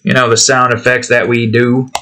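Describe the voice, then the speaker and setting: A man's voice: mid-range voice, level tone, moderate pace, pushed and bright, a little hiss or hum. A man hosting his own art channel, chatting casually while he draws, rambling and trailing off. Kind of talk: casual talk while drawing.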